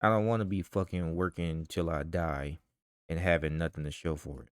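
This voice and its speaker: A man's voice: deep voice, steady tone, moderate pace, smooth, no echo, clean studio sound. A man in a vlog ranting heatedly with profanity and rhetorical questions. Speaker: vlogger. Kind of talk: ranting commentary.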